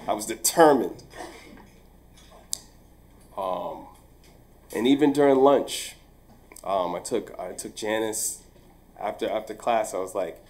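A man, a teacher, telling a true story on stage, animated and acting out the dialogue with frequent ums. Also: lowish voice, a little slow, pauses often. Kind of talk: live storytelling performance.

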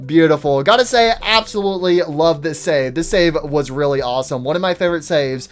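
Excitable male gaming YouTuber. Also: a little high, brisk, hardly any pauses, clean tone. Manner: excitable, goofy. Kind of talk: casual game commentary.

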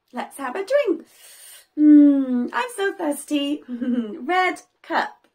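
A young woman teaching toddlers, talking in a slow, sing-song way with big gasps and cheerful praise. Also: high voice. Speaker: children's teacher. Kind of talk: toddler learning video.

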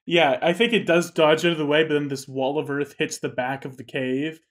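A man's voice: on the high side, steady tone, a little fast. A man narrating as game master of a tabletop game, with lots of fillers and restarts. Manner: loose, filler-heavy narration.

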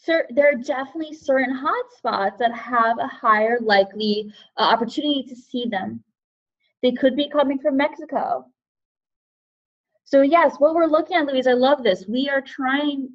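A woman with a high voice leads a live online lesson for teachers, picking up names and guesses from the chat and answering each in turn. Her audio comes through dull and lo-fi, like a typical webinar feed. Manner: friendly, reads out chat guesses and thanks participants. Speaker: webinar presenter for educators.

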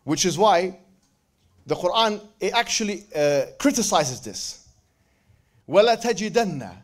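A man giving a lively religious lecture to a live audience, joking and bantering with the crowd and quoting verses in quick Arabic recitation. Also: high-pitched. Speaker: speaker at a religious event.

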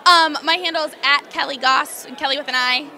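A woman's voice: high-pitched, steady tone, fairly quick, pushed and bright. A young adult woman, an actress, chatting in a bubbly, giggly way with lots of fillers at an outdoor red carpet event. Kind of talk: casual red carpet chat. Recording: busy crowd noise outdoors.

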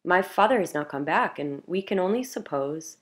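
A woman's voice: lowish voice, animated, moderate pace, lightly acted. A woman reading as an earnest pleading young man. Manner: pleading, coaxing.

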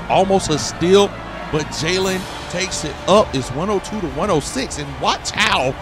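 A man giving excited, trash-talking play-by-play commentary over his own basketball video game session. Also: on the high side. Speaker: gaming video creator. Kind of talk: gameplay commentary.

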